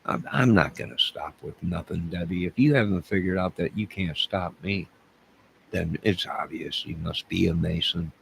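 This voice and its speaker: A man hosting a rambling, joking livestream, answering his chat by name, swinging from loud outbursts to low mutters. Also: moderate pace, gravelly, a little hiss or hum, rough recording. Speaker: livestream crime-case commentator.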